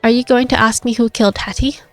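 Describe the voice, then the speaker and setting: A woman's voice: on the high side, steady tone, quick pace, faint music behind, voice pushed up, natural voice. A woman voicing a small fearless circus girl of about twelve, cheeky and teasing.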